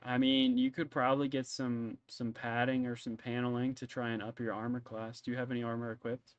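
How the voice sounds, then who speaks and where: Casual rambling game master. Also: male voice, mid-range voice, little pitch movement, fairly quick, smooth, no room sound, dull audio. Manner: casual, rambling, stumbling on words. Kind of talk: narrating a tabletop game.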